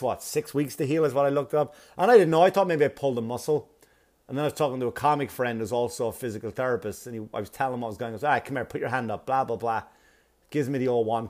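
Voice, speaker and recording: A man's voice: mid-range voice, darkish tone. A comedian chatting casually to his viewers, telling a rambling, profane story with asides, sounding like he has a cold.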